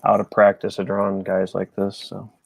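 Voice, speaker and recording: A man's voice: deep voice, completely flat delivery, moderate pace, vocal fry, breathy edge, no room sound, rough recording. A man chatting casually while he draws on a live stream, rambling and self-deprecating. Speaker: artist on a live drawing stream. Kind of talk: casual chat while drawing.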